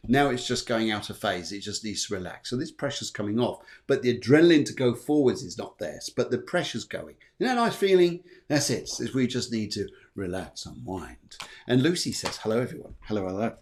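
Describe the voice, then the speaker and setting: A man's voice: on the low side, expressive, fairly quick. A middle-aged man hosts a live astrology show. He talks casually, rambles, jokes and thanks his viewers. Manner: jokey, rambling, warm thanks to viewers, puts on silly voices. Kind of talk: chatty live-stream horoscope reading.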